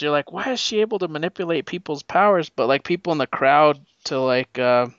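A man recapping a comic issue in a casual, excited, rambling way, with lots of fillers. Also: fairly high pitch, clean tone, no room sound, muffled recording. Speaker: comic book reviewer.

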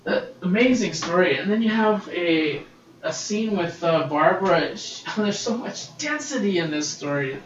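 A man's voice: sits high, animated, normal speed, fairly bright tone, a little hiss or hum. A man hosting a casual solo podcast, gushing and swearing freely as he reviews comics, recorded on a laptop's built-in mic. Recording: roomy, distant, dull laptop-mic recording.

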